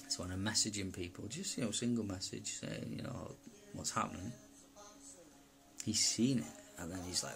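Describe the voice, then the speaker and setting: A man from Wales recounting a personal experience in a rambling, halting way, full of fillers and asides. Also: sits low, fairly even intonation, creaky, a bit bright, faint music behind. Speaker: personal testimony speaker.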